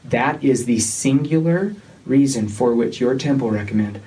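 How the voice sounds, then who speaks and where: A man leading a church disciplinary meeting, talking in a measured, insistent way that often repeats itself. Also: medium pitch, mellow. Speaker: church leader. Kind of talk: tense meeting conversation. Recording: distant mic with faint noise.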